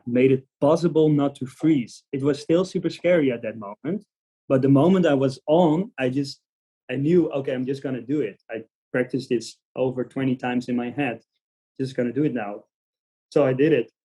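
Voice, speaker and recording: A Dutch man telling lively stories as a podcast guest, using lots of fillers along the way. His voice sits at a middle pitch and has a dark, mellow tone. He speaks English as a second language, with Dutch as his first. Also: husky. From Netherlands. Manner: animated storytelling with frequent fillers and laughs. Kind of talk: casual interview chat.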